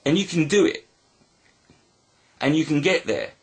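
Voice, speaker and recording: A man telling a personal story in a reflective video monologue, halting and earnest with many restarts. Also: on the high side, big pitch swings, slightly rough. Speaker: video blogger.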